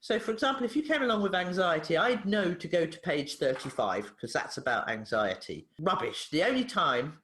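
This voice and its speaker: Woman, therapist guest, animated storyteller, very expressive pitch, roomy echo. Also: brisk, hardly any pauses. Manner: animated, acts out voices in her anecdotes. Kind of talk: casual storytelling interview.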